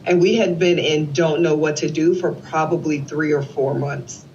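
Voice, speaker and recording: Animated woman telling a heartfelt story. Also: sits low, moderate pace, a little hiss or hum. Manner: animated storyteller who acts out quoted dialogue. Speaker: interview guest. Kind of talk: emotional storytelling in an interview. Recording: slightly dull lo-fi recording.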